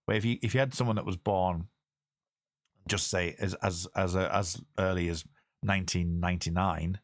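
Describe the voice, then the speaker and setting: A man's voice: sits low, fairly even intonation, moderate pace, no echo, clean studio sound. A man hosting a podcast, talking in a rambling way with many restarts in casual chat. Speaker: podcast host.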